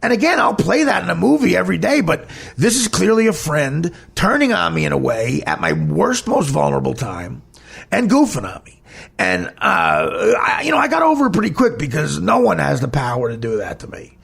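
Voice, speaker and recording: A podcast host with a high, husky voice and a heavy gravelly fry tells a personal story. His pitch swings widely as he rambles bluntly and swears freely. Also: very animated, fairly quick, fairly bright tone.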